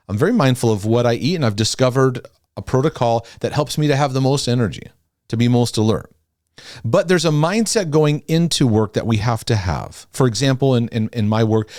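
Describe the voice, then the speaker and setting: A middle-aged man teaching casually about faith and mental health, dropping soft and low when he confides. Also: no echo, studio quality. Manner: animated, drops soft and low when confiding, talks to God aloud.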